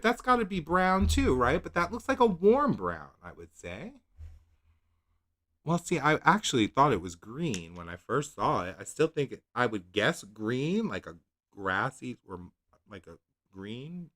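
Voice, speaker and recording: A nail polish channel host with a mid-range voice and a drawl chats on a casual livestream, animated and rambling. He questions himself, laughs at his own remarks, and reads product blurbs in a mock-dramatic voice.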